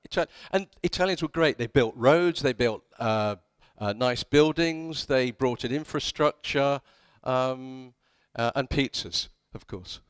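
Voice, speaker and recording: A man's voice: medium pitch, measured pace, clean tone, dry recording. A man giving a conference talk, telling history as wry anecdotes and acting out the quoted dialogue. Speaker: conference speaker. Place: conference hall.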